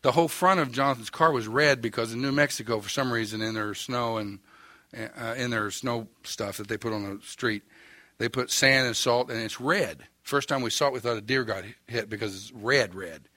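A man's voice: medium pitch, normal speed, pushed and bright, no echo. An older man with an Oklahoma accent preaching a sermon, telling a story in a folksy, wry, self-mocking way. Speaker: pastor.

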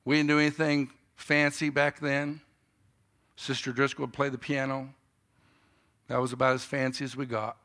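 Delivering a sermon at a moderate pace, a medium-pitched man in his fifties tells a story, moving from quiet, reflective moments into loud and animated telling.

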